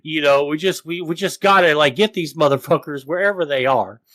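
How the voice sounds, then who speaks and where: Brief: male podcast co-host, high-pitched, profane ranting, dry close mic. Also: a little fast, fairly bright tone, no room sound. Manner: profane, ranting, mocks others in exaggerated voices. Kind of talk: casual podcast chat.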